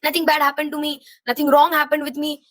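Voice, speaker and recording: Young woman w/ a high voice, venting her thoughts, confused and frustrated, kinda rambling, dry close sound. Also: monotone, fast, a bit bright, no room sound, poor audio. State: emotionally heavy. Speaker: vlogger. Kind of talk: personal venting to camera.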